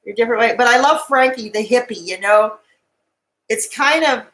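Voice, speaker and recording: Woman, stream host, casual chat, giggly, rambling, slightly high pitch. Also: a bit bright, low-quality recording. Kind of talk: casual chat reading live comments.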